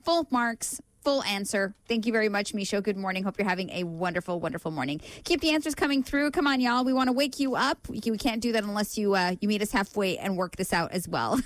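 A woman's voice: mid-range voice, lively intonation, brisk, no room sound. Female morning radio co-host, playful and giggly, dry studio sound. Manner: giggly, teasing, upbeat. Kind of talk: casual radio banter. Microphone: studio microphone.

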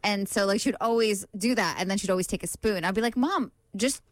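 A young woman with a Canadian accent hosting a morning radio show, chatty and quick, with lots of "like". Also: medium pitch, steady tone, dry recording, studio quality. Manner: chatty, quick, says "like" often, laughs easily. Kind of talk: casual on-air banter. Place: radio studio.

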